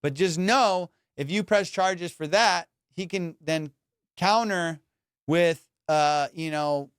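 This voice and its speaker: A young man hosting a podcast, casually telling a story in slangy, animated talk and acting out the people in it. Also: on the high side, slow, smooth, dry recording, studio quality. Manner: animated, laughing, slangy retelling with quoted voices. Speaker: podcast host.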